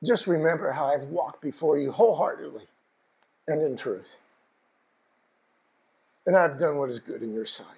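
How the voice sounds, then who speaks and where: A man with a high voice preaches with deep feeling, sometimes dropping to a near hush and then rising to fervent shouts. He pleads, questions the congregation and leans into the words with emotion. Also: moderate pace, vocal fry, pauses often, rough recording. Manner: passionate, building from hushed to shouting. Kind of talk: sermon.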